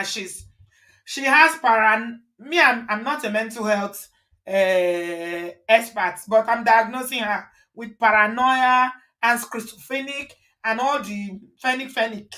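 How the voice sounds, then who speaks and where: Woman host, higher voice, fired-up casual commentary full of rhetorical questions. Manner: animated, indignant, rants with rhetorical questions.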